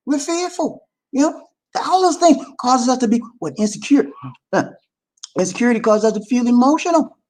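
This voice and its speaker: Animated man preaching relationship advice. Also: extremely high pitch. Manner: animated, preachy, keeps checking in with listeners. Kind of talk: motivational advice talk to viewers.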